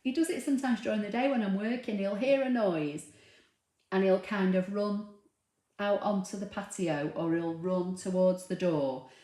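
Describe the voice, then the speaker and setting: A woman's voice: mid-range voice, normal speed, warm tone. A woman hosting a casual craft livestream from home, chatting and reading out viewer comments with frequent ums. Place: home room with a dog nearby. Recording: roomy, echoey home recording.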